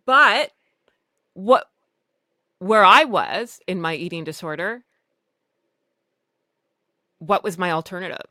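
A woman's voice: on the low side, animated, takes it slowly, long pauses, pushed and bright, no echo. A woman podcast host chatting casually and bluntly, swearing freely and laughing often.

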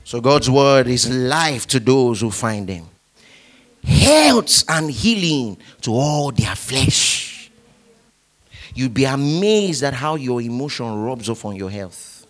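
A man's voice: medium pitch, takes it slowly. A male pastor preaching a sermon, leading the congregation in call-and-response. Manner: animated preaching, leads the congregation in repeating lines.

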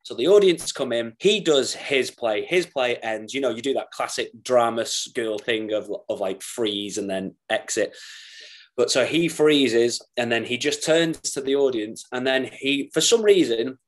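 A man's voice: mid-range voice, unhurried. A young man, an actor and podcast guest, telling rambling, giddy stories in casual chat. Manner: rambling, giddy, laughs through his stories.

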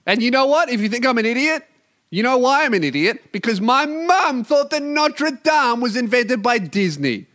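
A man's voice: very high voice, moderate pace. A young Australian man hosting a solo podcast, ranting casually and swearing a lot. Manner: profane, animated ranting. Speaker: podcast host.

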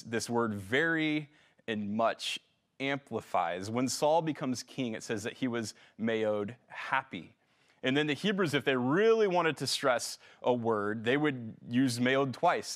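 A middle-aged man preaching a sermon in a relaxed, conversational way, with frequent fillers and restarts. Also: medium pitch. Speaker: pastor.

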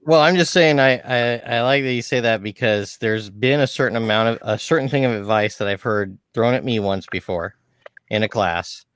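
A man's voice: mid-range voice, moderate pace, a bit bright, clean tone, no echo. Laid-back man, dry close sound. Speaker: aspiring comedian. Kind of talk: casual chat.

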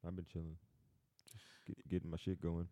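Man, very low voice, laid-back, casual chat, dry sound. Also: flat delivery, fairly quick, mellow, dry recording. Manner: laid-back, short reactions and teasing.

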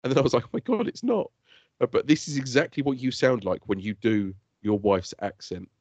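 A man co-hosting a casual podcast, excitable and teasing, laughing often. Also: medium pitch, fairly quick, no echo. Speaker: podcast co-host. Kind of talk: casual chat. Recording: dull lo-fi dry podcast audio.

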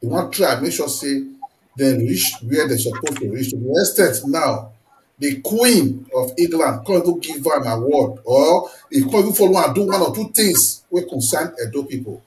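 A Nigerian man hosts the interview, his voice pitched high and moving all over. He asks long, rambling questions full of praise. The room echoes around him. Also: expressive, normal speed, darkish tone, a little hiss or hum. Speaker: interview host. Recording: roomy echo.

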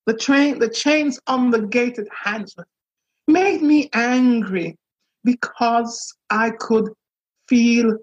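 A woman minister giving an earnest, halting personal account, with many pauses and restarts, on a dull lo-fi recording. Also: mid-range voice, husky. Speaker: minister and priest. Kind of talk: reflective personal testimony.

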